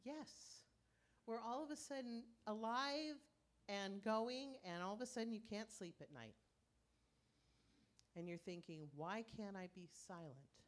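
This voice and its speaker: Animated woman minister telling stories. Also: fairly high pitch, a little slow, pauses often. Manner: animated storytelling, acting out inner voices. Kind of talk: conversational sermon. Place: church sanctuary.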